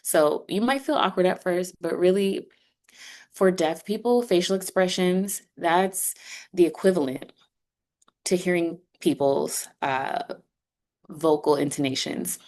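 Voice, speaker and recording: A woman's voice: on the low side, a little slow, darkish tone. A woman speaking for a sign language instructor, walking students through an online course in an upbeat, conversational way. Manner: conversational, upbeat, explaining step by step. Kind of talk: online class walkthrough.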